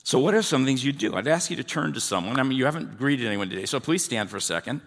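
A middle-aged man preaches in an easy, conversational way and keeps putting questions to the people in front of him. His voice sits at an ordinary mid pitch. The sound carries the long reverb of a large hall. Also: expressive, quick pace, a bit bright. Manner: conversational, asks the congregation questions. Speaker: pastor. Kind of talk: sermon. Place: church hall.

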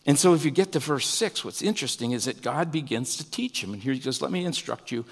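A man preaching a sermon, animated, his pitch rising and falling with emphasis. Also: quick pace, long reverb tail. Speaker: pastor.

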